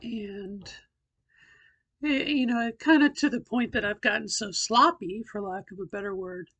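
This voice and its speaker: A middle-aged woman records a relaxed video diary, speaking slowly and haltingly as she thinks aloud. Her voice sits at a middling pitch, with a slightly tight throat and frequent pauses. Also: dull audio. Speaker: vlogger doing voice training. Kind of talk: casual personal video diary.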